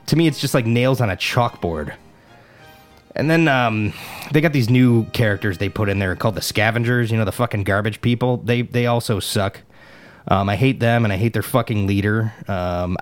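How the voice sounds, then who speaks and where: Profane, sarcastic young man ranting. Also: lowish voice. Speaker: vlogger reviewing a TV show. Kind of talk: comedic ranting review.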